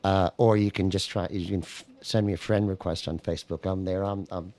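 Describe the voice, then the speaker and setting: A guitar-playing songwriter from the United States talks as a guest in a radio studio, his low voice mellow, steady in tone and brisk. He rambles in a relaxed, casual way, full of fillers, with an American accent that borrows Scottish words.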